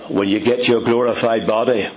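A man's voice: mid-range voice, fairly even intonation, normal speed, a little mellow. A man with an Ulster accent preaching a sermon, addressing his listeners as dear friends and dropping into whispers for emphasis. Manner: dramatic, drops to whispers for emphasis.

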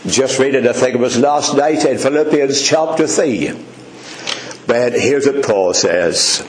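Slow, fervent preacher in an echoing hall. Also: male voice, mid-range voice, a little hiss or hum. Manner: speaks directly to congregation members by name; fervent, repetitive emphasis. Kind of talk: sermon. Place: church hall before a congregation. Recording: roomy hall echo.

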